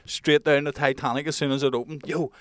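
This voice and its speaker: A young man with a Northern Irish accent, co-hosting a podcast in excitable, sweary casual chat. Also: on the high side, fast, clean tone, no echo, studio quality. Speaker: podcast co-host.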